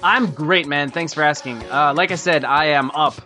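A man hosting a casual gaming podcast, excitable, swearing and laughing often. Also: a little high, moderate pace, faint music behind. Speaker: podcast host.

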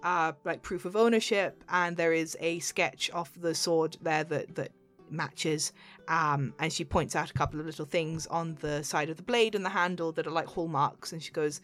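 A woman's voice: deep voice, fairly even intonation, normal speed, fairly bright tone, faint music behind. A woman narrating as game master of a tabletop game, rambling with fillers and restarts. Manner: rambling, many fillers and restarts, laughs easily.

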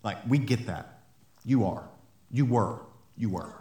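A man preaching a sermon to his congregation, animated, laughing often and repeating words as he goes. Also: lowish voice, a little slow. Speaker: pastor. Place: church hall. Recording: echoey church room.

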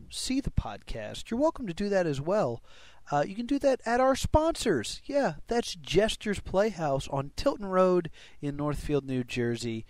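A man's voice: sits high, a little mellow, dry recording. A man hosting a comedy podcast, reading plugs in a jokey, rambling way and correcting himself. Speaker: podcast host. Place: live show with audience.

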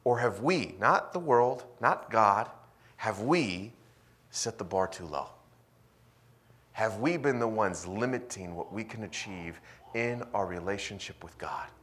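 Animated male pastor preaching. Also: fairly low pitch, unhurried. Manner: animated, swings between loud emphasis and quiet asides. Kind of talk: sermon.

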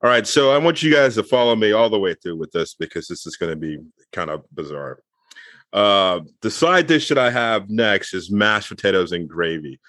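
A man's voice: on the low side, lively intonation, moderate pace, fairly bright tone, no echo, clean studio sound. A man co-hosting a podcast, riffing playfully with mock-serious buildups. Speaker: podcast co-host. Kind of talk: casual comedic chat.

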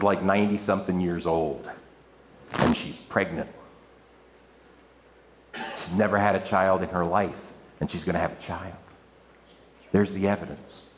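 A man's voice: deep voice, a little slow, pauses often, a little hiss or hum. A man preaching a sermon to a room, reading scripture aloud and adding playful asides. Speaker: pastor. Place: church room with an audience. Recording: echoey room.

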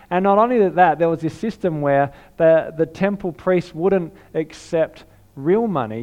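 A man delivers a sermon with a fairly high voice. He tells the story with animated energy, dropping to a hush and then rising to shouts. His tone stays that of a preacher speaking to a congregation. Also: highs cut off. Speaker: pastor.

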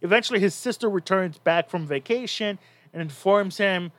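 A man co-hosts a casual podcast and retells a story in a loose, rambling way, restarting his sentences often. His voice sits a little high. The sound is dry and close, with no room around it. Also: normal speed, dry recording. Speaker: podcast co-host. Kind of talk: casual chat recapping a story.

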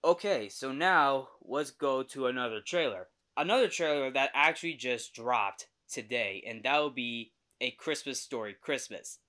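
A man's voice: mid-range voice, lively intonation, moderate pace, hardly any pauses, sharp tone. A young man hosting a podcast, chatting casually through a movie trailer review, often correcting himself and laughing easily.

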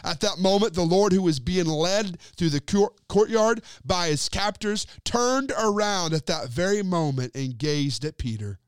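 A man preaching a sermon and retelling a scripture story, talking straight to his listeners and letting his sentences sink to low, quiet endings. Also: a little slow, hardly any pauses, clear, resonant tone, no room sound, studio quality. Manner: addresses listeners directly as friends.

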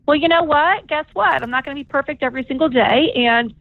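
High-voiced woman on a tinny phone line. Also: fast, creaky, no echo. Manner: candid, chatty, laughs easily. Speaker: podcast guest. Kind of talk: casual interview chat.

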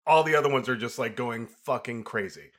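A man's voice: mid-range voice, a little fast, a bit bright. A man co-hosting a film review podcast, chatting casually and joking playfully. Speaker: podcast co-host.

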